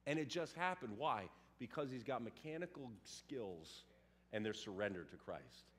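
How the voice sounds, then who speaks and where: A man preaching a sermon in a lively, animated way, acting out little scenes and voices. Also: medium pitch, normal speed. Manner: animated, acts out quotes and sounds. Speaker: pastor.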